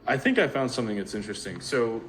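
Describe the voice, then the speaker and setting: A man co-hosting a podcast over a remote call, playful and quick with casual swearing. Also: medium pitch, big pitch swings, a bit bright, a little hiss or hum. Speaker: podcast co-host. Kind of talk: casual chat.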